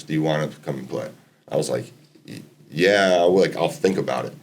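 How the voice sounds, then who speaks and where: A man's voice: low voice, brisk, darkish tone. A man in his twenties, a podcast guest, telling a long casual story with lots of fillers and quoted dialogue. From Massachusetts, US. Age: 20s. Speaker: podcast guest, college basketball player.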